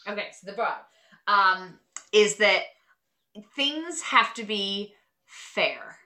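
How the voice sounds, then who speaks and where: A woman's voice: mid-range voice, expressive, slow, pushed and bright. A young American woman chatting casually, blunt and emphatic, often adding "all right?". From United States. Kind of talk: casual chat.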